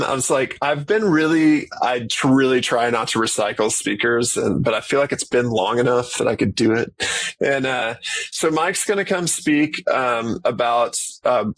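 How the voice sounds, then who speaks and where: A man in casual podcast chat, relaxed and enthusiastic, talking about organizing a conference. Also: mid-range voice, normal speed, rough recording.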